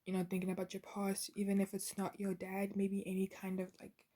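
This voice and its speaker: A woman giving a channeled spiritual card reading in a soft, half-whispered, halting way, with many pauses. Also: mid-range voice, completely flat delivery. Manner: soft, gentle, halting with fillers. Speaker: intuitive card reader.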